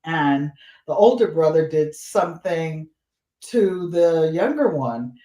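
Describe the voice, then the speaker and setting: An older woman, a guest on a casual livestream, tells family stories with energy and slips into high voices for the people in them. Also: slow. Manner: animated storyteller, voices the people in her stories. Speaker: guest storyteller. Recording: roomy echo.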